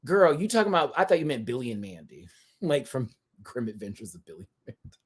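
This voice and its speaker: Young male host, live review rant, very animated delivery, lots of laughing asides. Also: quick pace, slightly rough. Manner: animated, swinging from low mutters to loud squeals, laughing.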